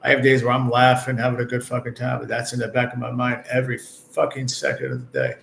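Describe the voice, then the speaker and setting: A man's voice: medium pitch, fast, creaky, a bit bright, a little hiss or hum, low-quality recording. A man in his late forties hosting a casual livestream chat from a hospital room, talking bluntly and rambling with heavy swearing. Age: 40s. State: ill with stage four cancer. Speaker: livestream host.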